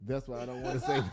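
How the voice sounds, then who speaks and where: A man hosting a casual news commentary show, slangy and animated, reacting aloud as he reads headlines. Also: fairly high pitch.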